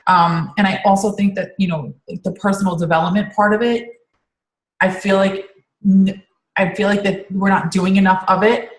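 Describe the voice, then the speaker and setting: A woman's voice: mid-range voice, little pitch movement, moderate pace, roomy sound, low-quality recording. A woman coach on a team call, talking casually and rambling with many fillers and restarts.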